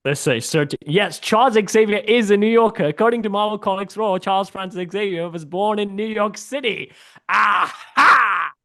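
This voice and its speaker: A man's voice: sits high, a little fast, hardly any pauses. A man chatting as a guest on a video call, teasing and laughing as he argues his point. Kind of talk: casual chat.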